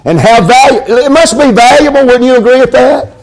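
Male preacher, high voice, sermon cadence, call-and-response amens. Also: brisk. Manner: calls out amens, repeats lines for emphasis.

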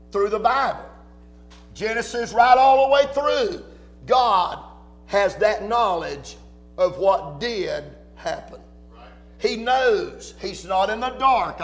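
A man preaching a sermon as pastor at a church service, reading scripture with slow emphasis and rising to loud cries. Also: high-pitched.

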